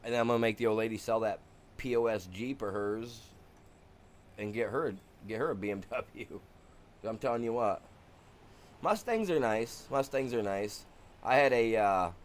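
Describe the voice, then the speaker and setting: A middle-aged man from Michigan, live-streaming a farming game and telling a long, animated story in casual, slangy chat. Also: on the low side, normal speed, long pauses.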